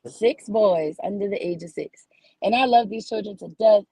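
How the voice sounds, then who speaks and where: A woman's voice: mid-range voice, normal speed, creaky, mellow, breathy edge, no echo, poor audio. A woman from New Orleans with a New Orleans accent, performing stand-up comedy in a folksy, scolding auntie tone that calls people baby. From New Orleans, USA.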